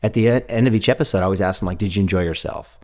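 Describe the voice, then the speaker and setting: A middle-aged man hosting a podcast, telling stories in a casual, animated way and laughing often. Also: low voice, very fast. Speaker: podcast host. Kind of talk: casual conversational interview. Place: podcast studio in an office.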